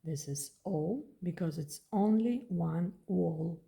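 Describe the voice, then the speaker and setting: A woman with a Russian accent walks beginners through a lesson at a very slow, deliberate pace. Her voice is low and dark with a gravelly, creaky edge. She repeats each word patiently so learners can follow. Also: animated. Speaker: language teacher.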